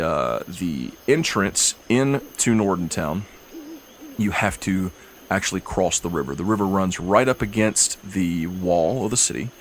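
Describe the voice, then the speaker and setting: Low-voiced man narrating a tabletop game. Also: a little hiss or hum. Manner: relaxed, easygoing narration with fillers. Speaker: game master.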